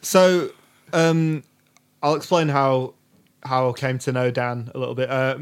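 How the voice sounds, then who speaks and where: A man's voice: mid-range voice, flat delivery, unhurried, clear, resonant tone, no echo. Laid-back male podcast host. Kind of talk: casual podcast chat.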